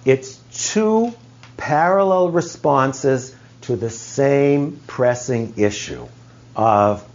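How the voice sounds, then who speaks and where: Slow, reflective male teacher. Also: medium pitch, expressive, a little mellow. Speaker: teacher leading a study group. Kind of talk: explanatory group teaching. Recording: dull lo-fi recording.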